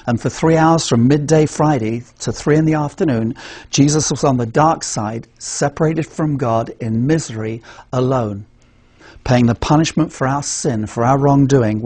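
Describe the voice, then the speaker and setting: A man's voice: mid-range voice, mellow, husky, dry recording. An English man demonstrating a gospel presentation, earnest, asking rhetorical questions and answering them himself. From England. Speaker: evangelism trainer.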